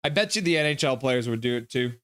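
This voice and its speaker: A man's voice: medium pitch, animated, fast, fairly bright tone, clear, resonant tone, no room sound, clean studio sound. A man hosting a live stream, chatting casually, reading out chat messages and calling the game play by play. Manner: rambling, reads chat messages aloud. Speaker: livestream host.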